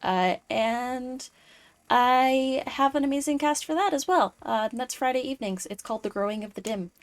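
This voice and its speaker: A woman's voice: high voice, animated, moderate pace. A woman hosting a live-streamed chat show, rambling through her list with lots of "uh"s. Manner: rambling, full of fillers. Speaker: host.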